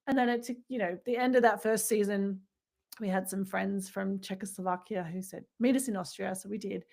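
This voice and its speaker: A woman's voice: medium pitch, level tone, a little fast, darkish tone. A woman co-hosting a podcast in casual spiritual chat, reflective and rambling, with many fillers and restarts. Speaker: podcast co-host.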